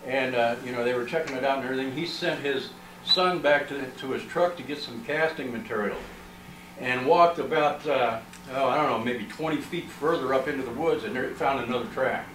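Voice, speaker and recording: A man's voice: medium pitch, fairly quick, a bit bright. Man recounting events to a crowd, filler-heavy storytelling, miked from a distance in an echoey room. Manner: rambling, with frequent "uh" and "you know" fillers. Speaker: researcher presenting findings. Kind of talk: storytelling talk to an audience. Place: library meeting room. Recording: roomy, distant, with faint noise.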